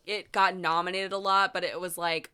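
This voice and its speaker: A woman's voice: on the low side, level tone, moderate pace, pushed and bright, smooth. A young woman co-hosting a podcast in casual chat, opinionated and chatty, restarting often. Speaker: podcast co-host.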